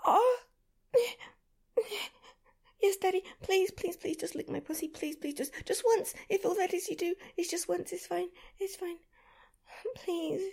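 A woman's voice: very high-pitched, steady tone, a little slow, creaky, pauses often, a little mellow. A young adult woman performing an adult audio role-play, pleading and breathless, sometimes dropping to a whisper.

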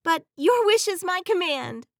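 Woman doing a high eager naive genie. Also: sing-song, unhurried, creaky, slight background noise, heavily acted. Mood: eager innocent. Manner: high, loud, wide-eyed and innocent.

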